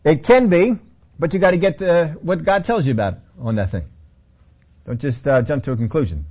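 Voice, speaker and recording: A man's voice: fairly high pitch, lively intonation, fairly quick, dark tone. A man teaching a Bible study sermon in a conversational way, often repeating key phrases.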